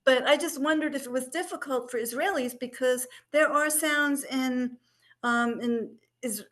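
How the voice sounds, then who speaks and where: High-voiced, chatty woman student. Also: a little slow, fairly bright tone. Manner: chatty, curious, laughs easily. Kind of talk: asking questions in class.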